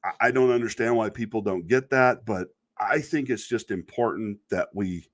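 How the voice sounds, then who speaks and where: A man's voice: fairly low pitch, normal speed. A middle-aged man hosting a casual video talk, rambling in a wry, exasperated way and laughing at himself now and then. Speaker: video podcast host. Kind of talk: casual monologue about online commenters.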